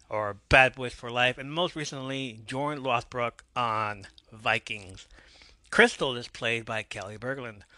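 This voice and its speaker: A man's voice: medium pitch, pushed and bright, no echo. A man hosting a podcast, casually recapping a TV episode with wry asides. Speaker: podcast host.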